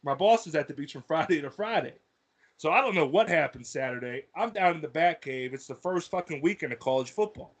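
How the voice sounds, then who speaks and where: A man co-hosting a podcast, telling a story in a casual, animated and heavily profane way, laughing as he goes. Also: on the high side, brisk. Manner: profane, animated, laughs through his stories. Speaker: podcast co-host.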